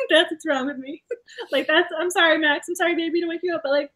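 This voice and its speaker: High-voiced, animated woman book club host. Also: brisk. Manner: animated, laughs often. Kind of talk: casual book discussion.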